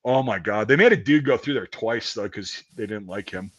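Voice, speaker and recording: Animated, profane man telling stories. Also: on the low side, normal speed. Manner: animated, profane, acts out quotes loudly. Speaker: podcast host telling a story. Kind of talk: casual storytelling.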